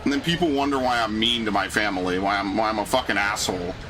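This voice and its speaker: A man's voice: quick pace, noisy background. Profane ranting male game streamer. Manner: profane, ranting, swings pitch up when indignant. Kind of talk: casual chat while gaming.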